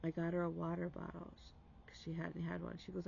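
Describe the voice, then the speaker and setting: Gravelly high-voiced man telling a story. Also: monotone, fairly quick, a little mellow, dull audio, slight background noise. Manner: retells conversations, dropping to a whisper for emphasis. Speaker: stitching vlog host. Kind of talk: casual heartfelt storytelling vlog.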